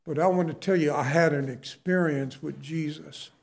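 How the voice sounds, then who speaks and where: A man's voice: a little high, steady tone, normal speed, creaky, darkish tone. A middle-aged man preaching a sermon, telling his own story in a conversational way and asking the listeners questions.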